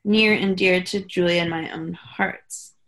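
A young woman co-hosting a podcast, chatting casually and telling animated stories with quoted asides. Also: lowish voice, measured pace. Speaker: podcast co-host. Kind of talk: casual chat.

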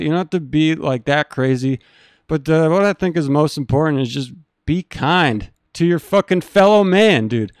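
A man's voice: a little high, a little mellow, clear, resonant tone, no room sound, clean studio sound. A man hosting a live stream, talking in a blunt, earnest, profane way to his viewers. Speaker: stream host. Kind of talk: casual chat.

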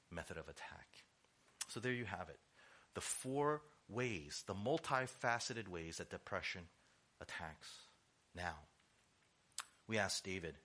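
A man preaching a sermon as pastor, acting out quotes and asking "right?" as he goes. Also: on the low side. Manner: animated, acts out quotes, rhetorical "right?".

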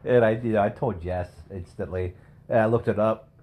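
Male podcast co-host, lowish voice, crude and profane, casual. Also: normal speed, darkish tone. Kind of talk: casual chat.

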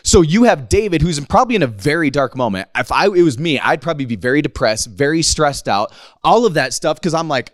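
A man's voice: fairly high pitch, animated, brisk, no echo, studio quality. A man in his thirties preaching a casual, conversational sermon to a congregation, slangy and playful, acting out the quotes. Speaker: pastor.

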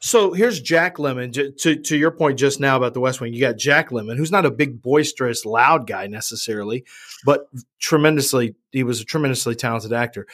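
A man's voice: mid-range voice, brisk, fairly bright tone. A man interviewing a guest in a casual chat, asking long, winding questions. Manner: conversational, asks rambling questions.

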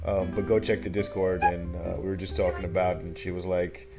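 A man's voice: sits low, level tone, brisk, vocal fry, over loud music. A man co-hosting a podcast in casual chat, rambling, swearing and laughing often. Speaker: podcast co-host.

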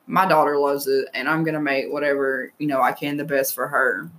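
A woman's voice: extremely low pitch, little pitch movement, brisk, a bit bright. A young woman co-hosting a podcast in casual chat, a mother who talks frankly in long run-on thoughts. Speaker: co-host.

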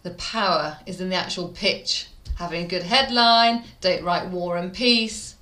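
A woman's voice: fairly low pitch, a little slow, pushed and bright, roomy sound. A woman from the English Midlands, a PR expert guest chatting in an interview, telling stories animatedly and laughing often. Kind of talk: casual interview talk.

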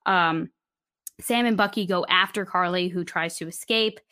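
Animated woman recapping a show. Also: on the low side, moderate pace, clear, resonant tone, no echo, studio quality. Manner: animated retelling, acting out quotes. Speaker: podcast co-host. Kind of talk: casual recap chat.

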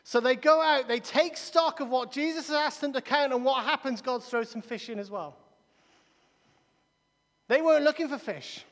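A man preaching a sermon in a church, emphatic and repeating key phrases, with quick restarts. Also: extremely high pitch, fairly bright tone. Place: large church hall. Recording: long reverb of a large church hall.

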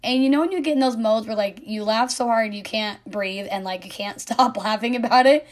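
A woman, likely in her thirties, speaking earnestly and warmly as a mother reflecting on her son, at times dropping to a soft whisper. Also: on the high side, brisk. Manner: earnest, heartfelt, soft-spoken with quiet whispered asides. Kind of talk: personal reflective monologue.

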